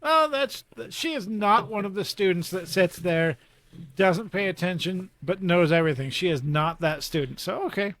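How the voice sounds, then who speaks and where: A man with a notably high voice co-hosting a casual book podcast, retelling the story with quick jokes. The recording is dry and close, with no room sound. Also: animated, fairly bright tone, no echo. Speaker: podcast co-host.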